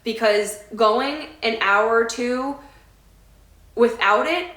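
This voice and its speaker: A woman's voice: a little high, slow pace, fairly bright tone. Heartfelt, rambling woman vlogger, echoey room. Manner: heartfelt, rambling, loses her train of thought. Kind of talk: casual sit-down talk to camera. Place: indoor room away from her home.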